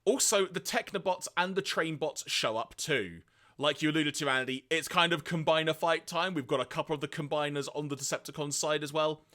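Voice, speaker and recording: A man co-hosting a podcast, retelling episodes in a lively way and acting out quoted lines. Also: brisk. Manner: lively storytelling, acts out quoted lines in high voices. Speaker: podcast co-host. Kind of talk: casual podcast recap.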